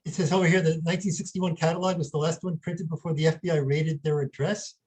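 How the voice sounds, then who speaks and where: A man's voice: a little high, fairly even intonation, quick pace, a little mellow, slightly rough, low-quality recording. A man on a panel reading lot descriptions aloud in a plain, matter-of-fact way.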